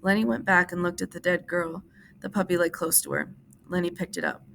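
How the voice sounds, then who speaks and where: A woman teacher reading a novel aloud to a class in a steady, measured narrating voice. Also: on the low side, gravelly, a little hiss or hum. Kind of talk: audiobook-style reading for class.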